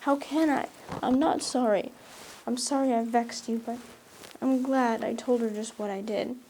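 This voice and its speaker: A woman's voice: on the high side, steady tone, normal speed, dark tone, slight background noise, lightly acted. A woman reading a novel aloud, voicing a stubborn, tearful, dramatic red-haired girl in an impassioned, defiant way. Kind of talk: audiobook reading.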